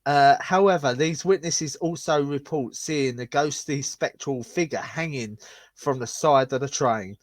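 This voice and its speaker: A man's voice: a little high, unhurried, no echo. A man co-hosting a casual chat, reading ghost articles aloud with stumbles and frequent laughs. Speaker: podcast co-host.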